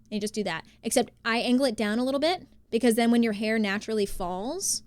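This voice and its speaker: A woman's voice: fairly high pitch, fast talker, no echo. A young woman chatting casually on a live stream, rambling with lots of fillers and restarts. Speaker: livestreamer.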